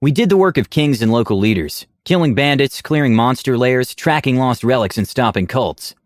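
A man voicing a calm, cold-eyed gentleman lizardfolk with a silky, measured voice. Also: mid-range voice, no echo, clean studio sound, natural voice. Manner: measured, quietly menacing.

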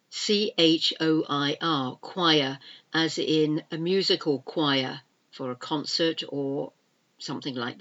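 In an English pronunciation lesson, a woman says each word twice and spells it out letter by letter. Her voice is low-pitched with a fairly bright tone, and the audio sounds dull.

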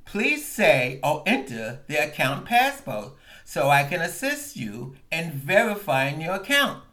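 A man's voice: fairly high pitch, big pitch swings, measured pace, sharp tone, exaggerated voice. A man voicing a female automated phone-line AI that is polite, scripted and unhelpful. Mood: prim, scripted.

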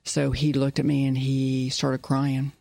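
Middle-aged woman, earnest interview storyteller, gravelly tone, dry close sound. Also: very deep voice, completely flat delivery, measured pace, mellow, dry recording. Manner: earnest, repeats key phrases. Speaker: business owner guest.

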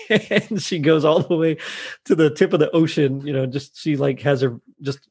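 Gravelly man recapping a show. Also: on the high side, fairly even intonation, moderate pace, a little mellow. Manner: laughs often while retelling scenes. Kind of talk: casual chat recapping a TV episode.

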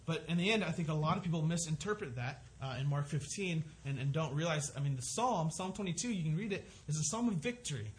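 A man's voice: sits high, slight background noise. A man preaching a sermon, earnest and conversational, often restarting his sentences as he works through a scripture passage. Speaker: pastor.

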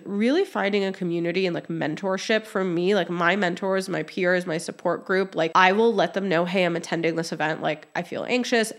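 A woman in her thirties talks through her own podcast episode alone. Her speech wanders, loose and conversational, stuffed with "like" fillers. Now and then she jumps into a quick acted-out bit of dialogue. Her voice sits at an ordinary middle pitch for a woman. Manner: chatty, many "like" fillers, acts out quoted voices. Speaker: podcast host. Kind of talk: casual solo podcast talk.

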